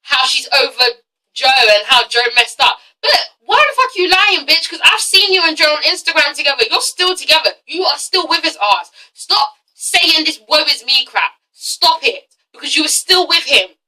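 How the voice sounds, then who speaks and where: A young woman with a high, very bright voice rants through a casual TV review vlog. She is blunt, exasperated and swears freely. Her voice sits a little far from the mic. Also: lively intonation, moderate pace. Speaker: YouTube reality-TV reviewer.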